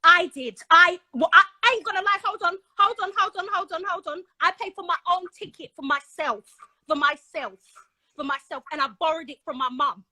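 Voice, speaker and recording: Woman spilling a long story, high bright voice, dry close sound, gets worked up. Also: moderate pace, dry recording, rough recording. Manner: excitable, dramatic retelling with voices. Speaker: caller telling her story. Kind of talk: animated storytelling on a live stream.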